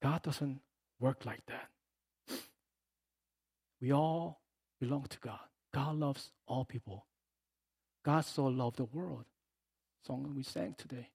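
A man preaching a sermon as a pastor. He is animated, swinging from soft asides to loud, emphatic passages, and acts out the words he quotes. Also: mid-range voice, slow, creaky, long pauses, breathy edge, no room sound.

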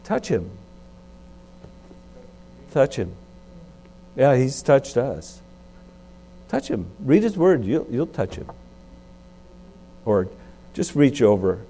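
Male pastor with a warm, mellow tone, chatty sermon, asks the congregation questions, sudden emphatic jumps. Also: sing-song, slow, long pauses, slight background noise. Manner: conversational preaching with rhetorical questions; sudden swings in pitch and loudness for emphasis.

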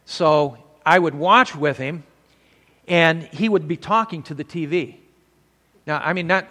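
A man's voice: on the high side, animated, measured pace, fairly bright tone, long reverb tail. An older man preaching a sermon to men, mixing scripture with folksy stories from his past.

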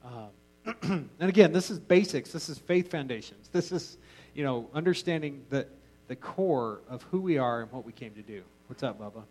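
A man's voice: medium pitch, expressive, moderate pace, a little mellow, rough recording. A man teaching an informal Bible class in a casual, joking way, often restarting his sentences.

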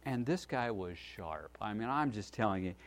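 A man's voice: fairly low pitch, normal speed. Folksy man preaching a sermon. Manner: folksy, lively, asks the crowd "right?". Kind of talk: sermon storytelling.

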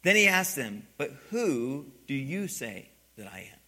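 A man preaching a sermon, moving from quiet teaching to loud, emphatic passages and asking the congregation for responses. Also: medium pitch, big pitch swings, a little slow. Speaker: pastor.

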